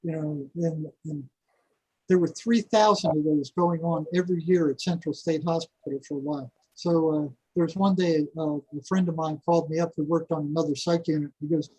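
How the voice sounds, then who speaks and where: A husky older man with a slightly high voice, spinning stories as a podcast guest. He talks casually and with energy, doubling up words as he goes and breaking into small chuckles. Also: fairly quick, low-quality recording. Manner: animated storyteller who repeats words and chuckles. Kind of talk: casual storytelling.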